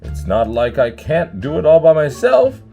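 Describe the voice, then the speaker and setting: A boastful, touchy supervillain voiced by a man in a game roleplay, talking with a gravelly, rough edge. His voice swings wildly up and down as he mocks and complains in a theatrical, sarcastic way. Clear music plays behind him. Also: on the high side, wildly swooping pitch, moderate pace, mellow, exaggerated voice. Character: boastful, chatty male supervillain Bane, bossy and touchy. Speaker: roleplay host. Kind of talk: Minecraft roleplay voice acting.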